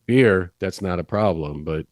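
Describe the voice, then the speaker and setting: A man's voice: sits low, unhurried, no echo, clean studio sound. A man playing a tabletop game who talks blunt and tough in character. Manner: blunt, urgent, tough-talking. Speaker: player.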